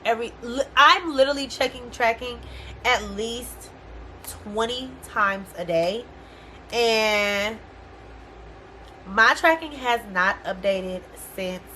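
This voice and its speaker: A young woman vlogging a casual storytime rant, animated and exasperated, swearing freely in slangy speech. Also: fairly high pitch, takes it slowly, slight background noise.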